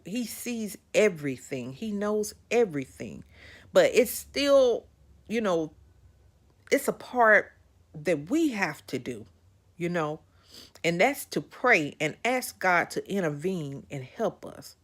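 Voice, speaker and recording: Lively woman telling her story. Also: fairly low pitch, slow. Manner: animated, repeats phrases for emphasis, speaks straight to listeners. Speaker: podcast host. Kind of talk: personal storytelling to listeners.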